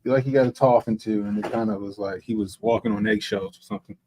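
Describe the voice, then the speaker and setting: A man's voice: on the low side, fairly even intonation, fast, darkish tone, a little hiss or hum, rough recording. A man commenting casually on a livestream, joking and chuckling through his remarks.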